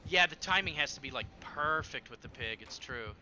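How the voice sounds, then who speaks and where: A man streaming a horror game, chatting casually and rambling with many fillers and sudden excited bursts. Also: fairly high pitch, moderate pace, slight background noise. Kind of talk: casual gameplay chat.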